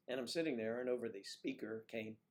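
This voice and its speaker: Man, livestream host, casual chat, jokey, quiet whispered asides, mid pitch. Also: lively intonation, moderate pace. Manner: chatty and joking, drops into quiet, half-whispered asides. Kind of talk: casual chat reading viewer comments.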